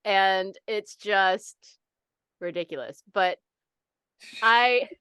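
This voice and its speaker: A young adult woman co-hosting a podcast in casual chat, animated and swearing, acting out people's reactions. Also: medium pitch, extremely slow, clear, resonant tone, dry recording, studio quality. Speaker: podcast co-host.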